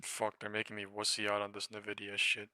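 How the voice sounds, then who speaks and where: A man streaming his live day trading, muttering profanely and anxiously to himself, with sudden shouts away from the microphone. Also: lowish voice, monotone, fairly quick, clean tone, no room sound.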